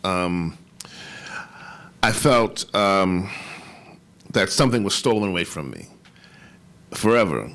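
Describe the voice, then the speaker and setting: A man on a conference panel telling a personal story, halting and emotional, with many restarts and fillers. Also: low voice, lively intonation, a bit bright. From New York. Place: conference hall.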